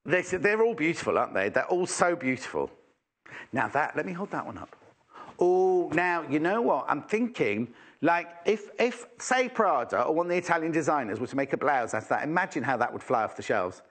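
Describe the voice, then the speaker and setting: Animated, chatty male shopping presenter. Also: fairly high pitch, a little fast. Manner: chatty, teasing, exclamatory. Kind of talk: live shopping channel chat.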